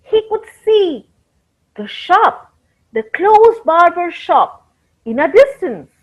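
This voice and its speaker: A woman reading a story to children in an animated way, talking straight to her young listeners. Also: very high voice, slow pace. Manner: animated, addresses the children directly. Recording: dull lo-fi recording.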